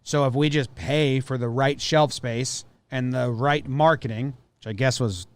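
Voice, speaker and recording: A man's voice: medium pitch, unhurried, clean tone. A man co-hosting a podcast in a studio, chatting casually with a blunt, joking manner and acting out little scenes. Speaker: podcast co-host. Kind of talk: casual chat.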